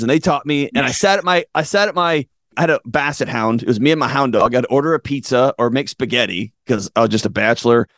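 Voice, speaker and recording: Middle-aged man, animated storyteller, gravelly tone, dry close mic. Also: mid-range voice, dry recording. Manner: lively storyteller, acts out voices, laughs at himself. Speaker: podcast guest.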